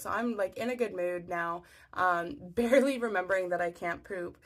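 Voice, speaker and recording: A woman's voice: fairly low pitch, steady tone, brisk. A young adult woman telling a story in a chatty, casual way, full of "like" and acting out what people said. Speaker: storyteller on social video.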